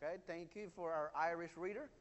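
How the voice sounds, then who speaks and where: A man delivers an earnest, emphatic sermon in a high-pitched voice. His words ring out with a long hall reverb, as from a church sanctuary. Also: a little fast, background noise. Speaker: pastor.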